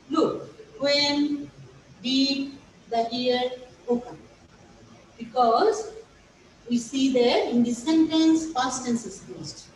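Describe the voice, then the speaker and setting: This high-voiced woman speaks English with a Bangladeshi accent and is a native Bengali speaker. She is giving young children a grammar lesson, going over each step again with patience. The clip has slight background noise and sounds distant in an echoey room.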